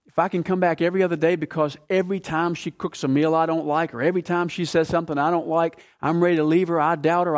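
A pastor in his fifties preaches to his congregation. His voice sits high for a man, and he presses his points with emphatic, repeated questions. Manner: rising to fervent, emphatic preaching. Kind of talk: sermon.

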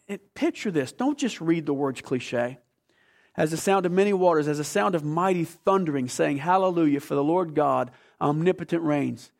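A male preacher delivering a sermon with a gravelly edge and a slightly raised pitch. He is emphatic and asks the congregation questions. He swings from hushed stretches to loud, urgent bursts. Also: normal speed.

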